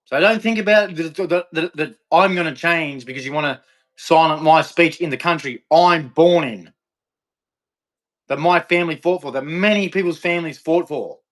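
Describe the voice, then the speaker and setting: A man's voice: on the high side, moderate pace, a bit bright. A middle-aged Australian man ranting angrily to camera, profane, aggressive and repetitive. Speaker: vlogger. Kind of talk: angry rant to camera.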